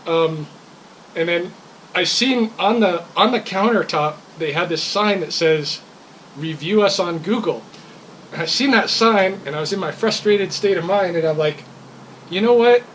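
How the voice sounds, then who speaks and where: A woman's voice: on the low side, normal speed, a bit bright, a little hiss or hum, rough recording. A woman telling a rambling, increasingly heated story about a complaint as a customer. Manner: rambling, grows heated and laughing when frustrated. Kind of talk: casual storytelling.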